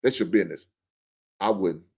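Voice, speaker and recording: A man's voice: low-pitched, moderate pace, vocal fry, darkish tone. A middle-aged man hosting a show, in a blunt, joking, ranting monologue. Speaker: podcast host. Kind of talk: casual monologue.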